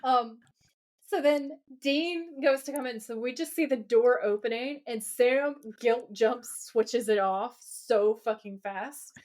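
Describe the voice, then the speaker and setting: A woman's voice: fairly high pitch, slow. A woman co-hosting a podcast, recapping a TV episode in casual chat with lots of laughter. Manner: giggly, animated, laughs often. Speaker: podcast co-host.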